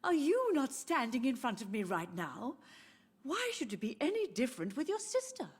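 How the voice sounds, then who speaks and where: An actress playing an elderly, gently confused mother who grieves for her lost family in a video game. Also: high voice, huge pitch swings, normal speed, husky, exaggerated voice. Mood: sorrowful. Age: older. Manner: soft, sorrowful, wandering. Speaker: game character.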